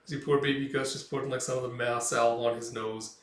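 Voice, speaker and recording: A man's voice: mid-range voice, little pitch movement, a little fast, roomy sound, distant mic. A man casually recapping a comic book page by page, rambling with lots of filler words. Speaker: comic reviewer. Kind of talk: casual comic read-through commentary.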